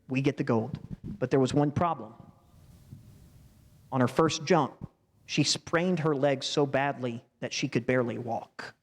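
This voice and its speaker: A man preaching a sermon in a church, talking to the congregation in a conversational way with asides like "wouldn't you say?". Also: high voice. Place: church sanctuary. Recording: reverberant church hall.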